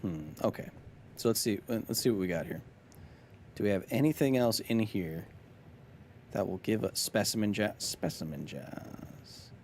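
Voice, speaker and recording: A man's voice: fairly low pitch, moderate pace, long pauses, a little mellow, a little hiss or hum. A man live-streaming a video game, chatting with his viewers in a jokey, casual way and reading in-game notes aloud.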